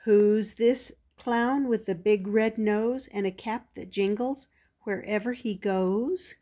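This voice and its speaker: An older woman reading a picture book aloud to children as a grandmother, lifting her voice for the animal sounds. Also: slow pace. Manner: plays animal sounds in a higher, louder voice, with soft laughs.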